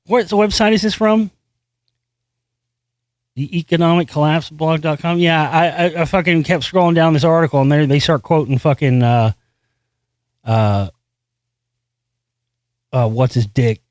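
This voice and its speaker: A man with a fairly high, darkish voice and fairly even intonation talks at a normal speed, pausing often, in a dry recording. He hosts a solo commentary show, reading a news article aloud and then commenting, breaking into profane, frustrated rants full of restarts.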